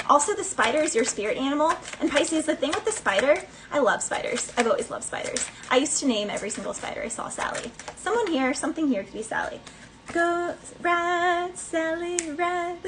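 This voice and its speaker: A woman's voice: a little high, a bit bright, slight background noise, poor audio. A woman giving a casual tarot reading in a chatty, playful way, laughing between thoughts. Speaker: tarot reader.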